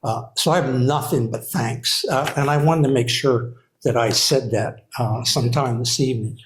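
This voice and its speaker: A man's voice: medium pitch, normal speed, a little hiss or hum. An older man, a retired writing program director, gives rambling, hesitant memorial remarks to an audience, full of fillers and restarts. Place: hall with a live audience. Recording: echoey room.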